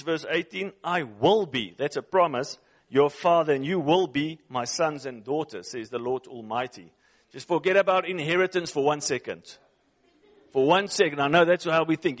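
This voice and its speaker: A male preacher delivering a sermon in English, his second language. His voice sits slightly high. He is emphatic, repeats his points and keeps questioning his listeners. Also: a bit bright. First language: not English. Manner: emphatic, repeats phrases, asks the audience questions.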